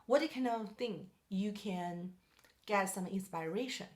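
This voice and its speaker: With a medium-pitched voice and a slightly slow pace, a woman runs a piano masterclass. Over the sound of piano playing, she sings melodies on syllables and questions her student using simple English.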